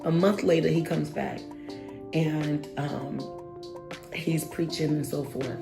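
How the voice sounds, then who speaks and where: A woman in her thirties, telling a personal story to camera in a lively, expressive way and acting out what people said. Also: low voice, takes it slowly, gravelly, music in the background. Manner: animated, expressive, acts out quotes with exaggerated reactions.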